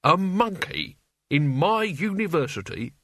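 A man voicing a gruff, irritable old male wizard who snaps his words bluntly and impatiently, in a storybook reading. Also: fairly high pitch, very animated, unhurried, a bit bright, dry recording, studio quality, voice pushed up, exaggerated voice.

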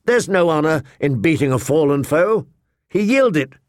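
A man's voice: a little high, animated, a little slow, no echo, clean studio sound, pitched above the performer's own voice. A man voicing an honorable, defiant young man in training in an audiobook. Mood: earnest. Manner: earnest, firm. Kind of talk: audiobook character voice.

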